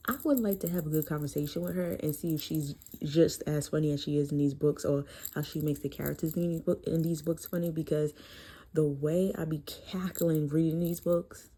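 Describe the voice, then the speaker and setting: A woman casually reviewing a book series in a chatty, profane, animated way. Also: low voice, husky.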